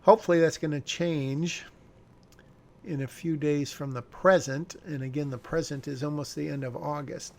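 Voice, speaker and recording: A man's voice: on the high side, fairly even intonation, normal speed, gravelly. A male screenwriter talking casually through his own script, rambling and correcting himself with wry asides.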